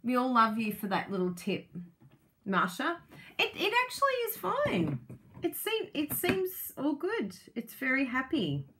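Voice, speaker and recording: A woman chatting casually as she unboxes craft kits, gushing and excitable, laughing often. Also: high-pitched, a little slow, noisy background. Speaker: craft vlogger and product demonstrator.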